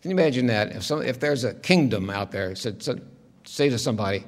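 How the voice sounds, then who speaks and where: A man's voice: lowish voice, brisk. A male pastor preaching a sermon in a conversational, reflective storytelling way, heard in a church sanctuary. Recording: long reverb of a large hall.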